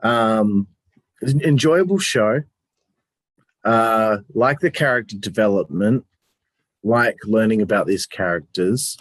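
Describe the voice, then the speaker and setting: A man with a fairly low voice co-hosts a casual review chat. He rambles and hesitates, fills the gaps with ums, and swears casually. The sound is dry and close. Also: slow, pauses often, dry recording. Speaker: podcast co-host.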